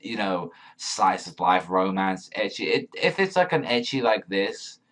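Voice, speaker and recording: A man with a lowish voice rants through a comic review. He rambles and swears freely, piling up fillers as he goes. His talk is casual and unscripted. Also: big pitch swings, a little slow, a bit bright. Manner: profane, rambling, filler-heavy. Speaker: manga reviewer.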